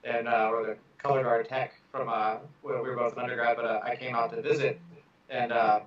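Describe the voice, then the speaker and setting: Man, flat delivery, loose storytelling, echoey distant dull sound, crowd chatter behind. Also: mid-range voice, fairly quick. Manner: flat, storytelling, heavy use of "like". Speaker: percussion instructor. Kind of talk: casual podcast chat.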